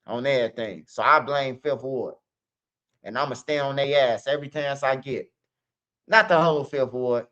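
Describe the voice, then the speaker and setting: A man's voice: mid-range voice, fairly bright tone, highs cut off. A man hosting a stream, talking in a loose, slangy, rambling monologue full of "man" and "bro". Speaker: streamer host.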